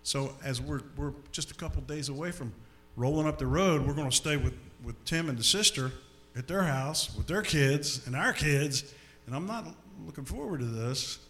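A man giving a storytelling testimony before an audience, animated and often repeating his words. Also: on the high side, normal speed, few pauses. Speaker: speaker giving a personal testimony.

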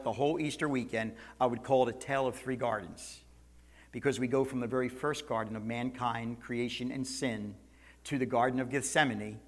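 A male pastor preaching a sermon, swinging between loud, high passages and soft, low ones.

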